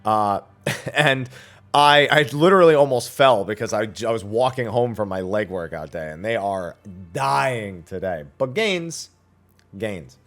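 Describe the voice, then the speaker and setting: A man streaming a casual Q&A, reading viewer questions aloud and answering them bluntly, his voice slightly raspy. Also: fairly low pitch, animated, unhurried, fairly bright tone. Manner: reads chat questions aloud, then answers bluntly and at length. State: slightly raspy after eating. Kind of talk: casual livestream Q&A.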